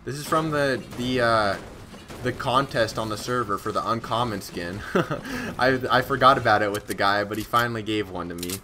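A young Scottish game streamer gives excitable, slangy live commentary on his own gameplay, chatting with viewers and breaking into sudden outbursts. His voice is fairly low and he talks at a normal speed, with slight background noise.

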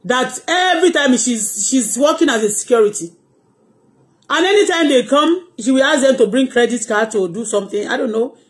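A woman's voice: sits high, expressive, normal speed. Nigerian woman, emphatic storyteller. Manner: emphatic, talks in run-on anecdotes with frequent asides. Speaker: live-stream vlogger. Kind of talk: casual live-stream storytelling.

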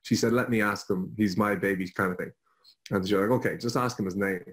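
A man's voice: lowish voice, steady tone, fairly quick, fairly bright tone, rough recording. A young Irish man, a guest on an online show, telling a personal story with jokes at his own expense. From Ireland. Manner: jokey, self-deprecating storyteller.

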